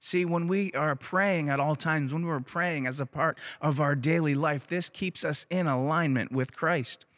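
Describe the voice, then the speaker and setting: A man's voice: fairly high pitch, measured pace, hardly any pauses, a bit bright. A man preaching a sermon as pastor, emphatic and repeating phrases for weight. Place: church.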